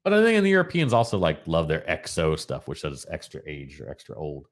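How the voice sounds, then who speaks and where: A man's voice: rumbling low, huge pitch swings, fairly quick. A man co-hosting a casual live show over drinks, playful and fond of trying out silly regional accents. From Florida. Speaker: podcast co-host.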